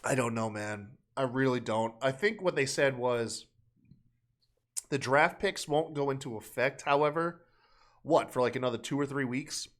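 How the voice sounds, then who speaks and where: A man's voice: mid-range voice, moderate pace. A man co-hosting a wrestling podcast, talking casually with loose, profane, sarcastic remarks. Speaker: podcast co-host.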